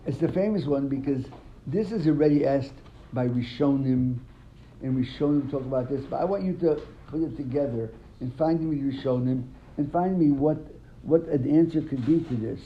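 A man's voice: mid-range voice, normal speed, a little hiss or hum. A man teaching a Talmud class, quizzing his students and retelling stories animatedly, often repeating words. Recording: dull lo-fi sound, faint room ambience.

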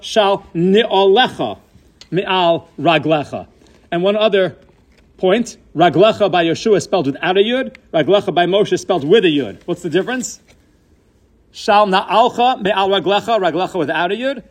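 A man giving a Torah lesson, posing questions and answering them, weaving Hebrew terms into his English. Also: sits high. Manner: inquisitive, poses questions then answers them; mixes Hebrew and Yiddish-style terms into English. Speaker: Torah teacher. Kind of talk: Torah class lecture.

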